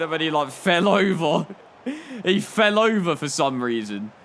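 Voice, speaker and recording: A man's voice: medium pitch, animated, moderate pace, a bit bright. A young man commenting on his football game, spinning rambling, jokey stories full of "like". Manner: rambling, jokey storytelling with frequent "like". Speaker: gaming YouTuber. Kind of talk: comedic gameplay commentary.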